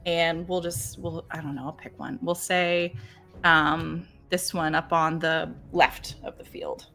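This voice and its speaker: A woman's voice: sits low, level tone, unhurried, pushed and bright, faint music behind. A woman playing a tabletop role-playing game, describing her character's actions in a chatty way with many fillers. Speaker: player. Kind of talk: casual tabletop game play.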